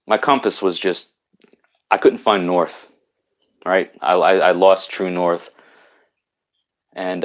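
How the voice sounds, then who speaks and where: A man with a New York accent hosting a live stream, chatting casually and answering viewer comments, rambling with many restarts. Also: deep voice. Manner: rambling, frequent restarts and repeated words.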